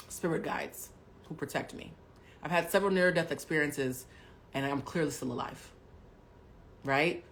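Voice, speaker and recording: A woman with a slightly low-pitched voice tells a personal story to her live-stream audience. She swears freely and talks straight to the chat. Her delivery swings between hushed, confiding asides and loud outbursts.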